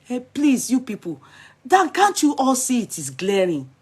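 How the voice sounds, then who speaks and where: A Nigerian woman with a Yoruba accent giving animated, scolding commentary in a casual vlog. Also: fairly high pitch, a little slow, husky.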